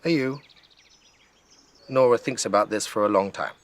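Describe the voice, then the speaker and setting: A man reading a bedtime story aloud in a gentle manner, outdoors in a garden. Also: on the low side, fast talker. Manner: gentle, with lively intonation.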